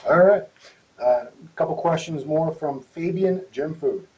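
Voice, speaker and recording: A man's voice: on the high side, unhurried, darkish tone, dull audio. A man hosting an interview, asking questions and reading out viewer questions in a casual tone. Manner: short encouraging responses, reads out viewer questions. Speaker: interview host.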